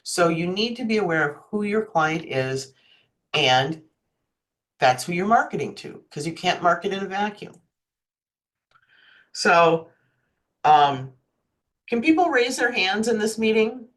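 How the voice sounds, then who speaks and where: A woman's voice: fairly low pitch, expressive, measured pace, pauses often. A woman giving an online marketing workshop on a video call, chatty and often checking in with her listeners. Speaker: marketing presenter.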